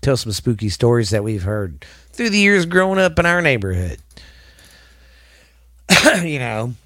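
A man's voice: medium pitch, sing-song, a little slow, bright, forceful tone, dry recording, clean studio sound. Folksy podcast host, man. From Southern United States. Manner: rambling, folksy, chatty with y'all. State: stuffy sinuses. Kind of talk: casual podcast sign-off chat.

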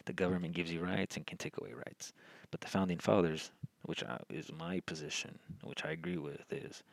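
A low-voiced man hosting a solo podcast, his voice gravelly and full of fry. He talks in a rambling way, circling back and restarting his sentences. The sound is dry and close. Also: sing-song, a little fast, no room sound, poor audio. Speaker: podcast host. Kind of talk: solo political podcast monologue.

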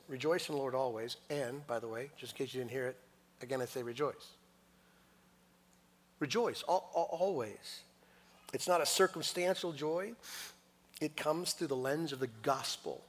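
A man preaching a sermon, moving between hushed, intimate lines and loud, emphatic passages. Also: mid-range voice, moderate pace, long pauses. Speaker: pastor. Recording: long reverb of a large hall.

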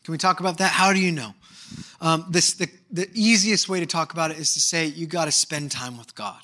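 Male pastor, 30s, lively sermon storyteller, bright and forceful tone. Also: a little high, fairly quick. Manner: animated storytelling, swings from hushed to emphatic. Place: church service.

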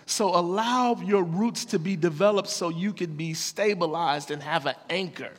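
Man, preacher, fairly high voice, earnest storytelling sermon, long hall echo. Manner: earnest, plain-spoken, lively storytelling.

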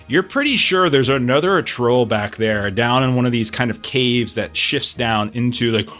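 A man's voice: medium pitch, fairly bright tone. A man narrating as game master, talking casually with many fillers and restarts.

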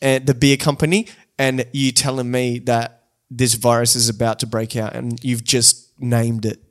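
A man hosting a podcast in casual chat, jokey and quick to laugh. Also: medium pitch, little pitch movement. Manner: jokey, bursts into laughter and silly put-on voices. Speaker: podcast host.

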